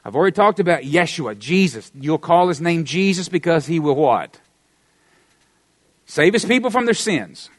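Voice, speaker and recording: A man's voice: sing-song, normal speed, no room sound. Emphatic Southern American preacher man. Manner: emphatic preaching with wide swings in pitch and volume, Southern humor. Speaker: pastor. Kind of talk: sermon.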